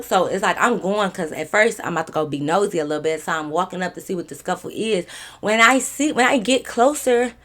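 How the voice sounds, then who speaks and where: A woman's voice: medium pitch, fairly quick. A young woman, telling a storytime vlog casually and animatedly, with lots of swearing and fillers. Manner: animated, profane, conversational with many fillers. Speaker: storytime vlogger.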